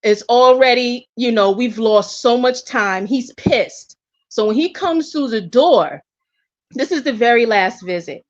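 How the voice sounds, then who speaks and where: A woman with a slightly high voice tells a personal story with candid energy, often stumbling and restarting mid-sentence. The audio is somewhat dull and lo-fi. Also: measured pace. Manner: candid, animated, with frequent restarts. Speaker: guest. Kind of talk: casual storytelling.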